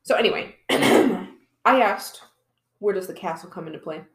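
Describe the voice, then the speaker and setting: A woman co-hosting a podcast, casually telling a history story with playful, drawn-out emphasis. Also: mid-range voice, animated. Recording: roomy echo.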